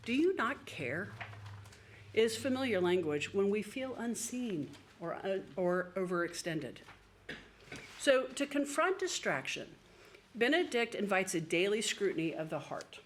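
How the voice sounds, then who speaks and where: A woman's voice: medium pitch, animated, normal speed, a little hiss or hum. A woman priest giving a sermon in a conversational way, with the odd filler word. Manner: conversational preaching with occasional fillers.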